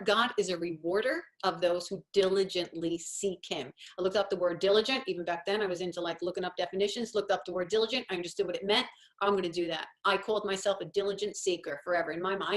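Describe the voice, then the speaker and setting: A woman in her fifties talks through a relaxed coffee-talk monologue. She rambles and loses her thread, then teases herself about it. Her voice sits at an ordinary middle pitch. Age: 50s. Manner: rambling, self-deprecating storytelling. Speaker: host.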